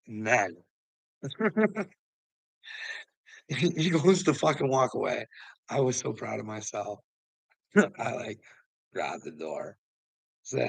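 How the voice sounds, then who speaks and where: This man's mid-range, fairly bright voice is creaky, slow and lively in intonation, with frequent pauses, on a rough recording without room sound. Agitated, he tells an angry vlog story about clashing with police, swearing constantly.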